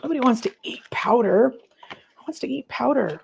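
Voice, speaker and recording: A woman hosting a casual livestream, chatting warmly with viewers, gushing and trailing off with many fillers. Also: on the high side, animated, moderate pace, vocal fry, a little hiss or hum. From United States. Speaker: livestream host.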